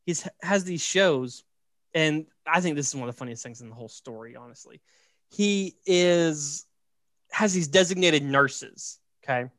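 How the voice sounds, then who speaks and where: Talkative man with a higher voice. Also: unhurried, no echo, clean studio sound. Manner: animated and joking, full of "right?" and "like". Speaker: podcast host. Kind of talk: casual storytelling chat.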